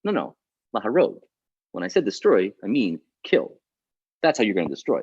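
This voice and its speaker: Rabbi guy teaching a class, husky voice, super lively pitch, dull dry recording. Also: moderate pace, no echo. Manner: dramatic, explains then acts out the text. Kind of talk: animated Torah class. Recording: muffled lo-fi recording.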